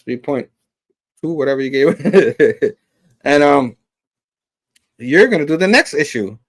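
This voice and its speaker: An easygoing male co-host on a comic book chat show, with a fairly high voice. His pitch swings widely as he gives ratings and trades loose remarks. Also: animated, unhurried.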